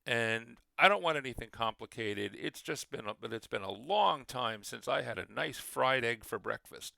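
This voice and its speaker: A mischievous fey leprechaun, put on by a man running a tabletop game talks in a raised, cheerful voice that wheedles and bargains. His tone is bright and clear with a gravelly edge. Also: mid-range voice, lively intonation, normal speed, no room sound, voice pushed up, heavily acted. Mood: cheerful bargaining. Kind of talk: game master voicing a character.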